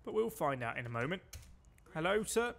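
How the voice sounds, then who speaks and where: A British man streaming and talking over his gameplay, his voice sitting a little higher than most men's. He keeps up a loose, chatty running commentary and drops dry, wry remarks. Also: very animated, a little fast, creaky, a bit bright. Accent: British English.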